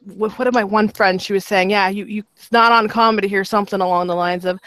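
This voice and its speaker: A woman's voice: medium pitch, steady tone, fast, fairly bright tone, poor audio. A woman chatting casually on a live stream, laughing often and telling stories. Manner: laughing storyteller who mimics voices. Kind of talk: casual chat.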